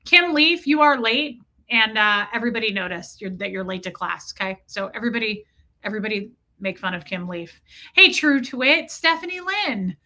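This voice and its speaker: A woman hosting a casual livestream, chatty and joking, who greets her viewers by name; her voice is slightly hoarse. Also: fairly high pitch, expressive, normal speed, bright, forceful tone. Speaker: livestream host.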